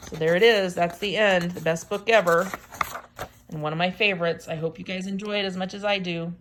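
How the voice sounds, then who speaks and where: A woman reading a picture book aloud to children, animated, gasping at the turns and stopping to ask them questions. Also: lowish voice, a little fast, slight background noise. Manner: animated, gasps, asks listeners questions.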